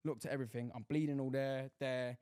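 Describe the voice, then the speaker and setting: A man's voice: mid-range voice, fast, clean tone, no echo, studio quality. A young man, telling stories in a casual podcast chat, full of slang and swearing. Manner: animated storytelling with slang and swearing. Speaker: podcast co-host.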